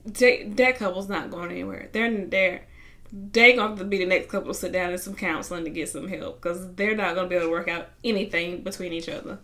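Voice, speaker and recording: Bright, animated woman recapping a show. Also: lowish voice, a little fast. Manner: animated retelling, acting out quotes, bursts of laughter. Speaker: reality show reviewer. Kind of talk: casual recap commentary.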